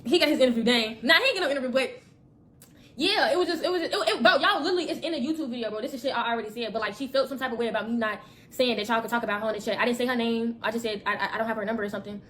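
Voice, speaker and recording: A woman's voice: a little high, very fast, a bit bright, a little hiss or hum. A woman ranting on a livestream, defensive and rambling, using lots of slang. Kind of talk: casual livestream rant.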